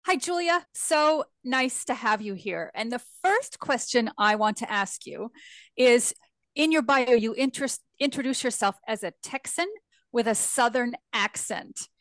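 A woman's voice: a little high, lively intonation, a little slow, a bit bright, no room sound. A woman over sixty from Northern California, co-hosting a podcast with bubbly chatter and frequent laughs. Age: older. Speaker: podcast co-host. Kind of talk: casual podcast chat.

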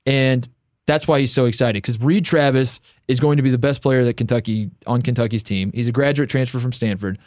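Animated man co-hosting a sports podcast. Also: mid-range voice, fairly quick, no room sound, clean studio sound. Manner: animated, storytelling, laughs often. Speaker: podcast co-host. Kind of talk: casual sports podcast chat.

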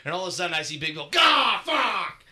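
A man's voice: a little high, fairly even intonation, rapid-fire, sharp tone. A man co-hosting a podcast, telling a crude, rambling story in casual chat. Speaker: podcast co-host.

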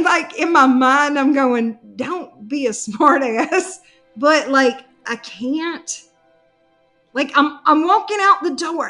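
A woman, telling a comic story on a podcast in a casual, animated way and laughing as she goes. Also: high-pitched. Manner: animated, laughs through her own story. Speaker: podcast co-host.

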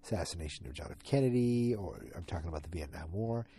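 A fast-talking man with a low-pitched, warm, husky voice and lively intonation hosts a podcast from home in front of the TV. Though sleepy and yawning, he rambles casually through a TV episode recap, chatty and full of asides.

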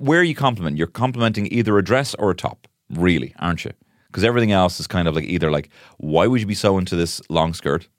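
A man's voice: low voice, no room sound, clean studio sound. A man hosting a comic solo podcast, rambling and self-mocking, with frequent swearing. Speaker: podcast host.

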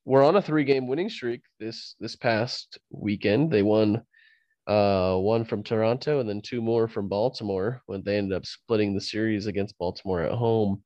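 A man's voice: fairly low pitch, dark tone, dry recording, muffled recording. A man with a cold hosting a casual sports podcast, laughing often and rambling with restarts. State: fighting a cold. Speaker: podcast host.

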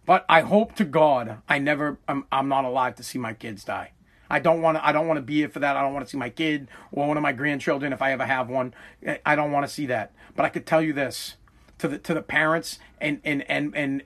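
A Massachusetts podcast host tears through a heated monologue, ranting with fiery intensity and swearing freely. His voice sits high for a man and has a fairly bright tone.

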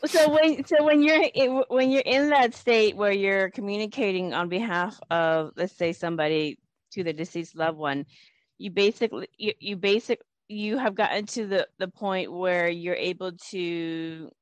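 A woman's voice: mid-range voice, unhurried, no echo. Earnest woman host, dry close sound. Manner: earnest, explains at length with restarts. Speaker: podcast host and hypnotist. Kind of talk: conversational interview.

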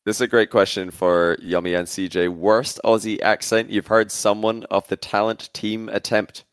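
A laid-back male host reads out questions and teases his panel. His voice is very low and smooth, and the recording is dry. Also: little pitch movement, normal speed, dry recording. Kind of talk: casual panel chat, reading questions.

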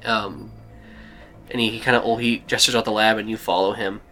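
Male game master, bright tone, rambling narration, faint music under. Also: fairly low pitch, flat delivery. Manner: rambling, halting, with fillers and laughs.

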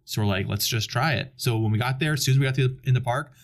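A man's voice: mid-range voice, fast talker. Chatty man telling a long theme park story. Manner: animated storyteller acting out quoted people. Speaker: podcast guest. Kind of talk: casual chat.

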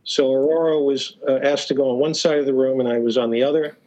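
A man's voice: mid-range voice, fairly even intonation, quick pace, dark tone, rough recording. A man guesting on a podcast, telling stories casually with lots of hesitations, restarts and fillers, and chuckling now and then. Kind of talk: casual storytelling interview.

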